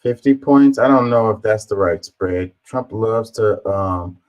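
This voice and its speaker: A man's voice: fairly low pitch, measured pace, highs cut off. A man giving casual, amused reaction commentary on video clips, with a laid-back delivery and lots of fillers.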